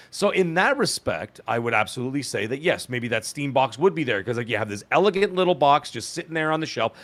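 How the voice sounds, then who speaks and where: A man's voice: medium pitch, a bit bright. A man co-hosting a gaming podcast, chatting casually, rambling with fillers and laughter. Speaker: podcast co-host. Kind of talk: casual chat.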